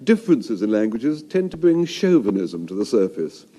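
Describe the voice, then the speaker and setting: A man's voice: on the low side, big pitch swings, moderate pace, warm tone. A middle-aged English man hosting a scripted radio comedy show with a dry, wry delivery. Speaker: host. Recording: broadcast radio studio.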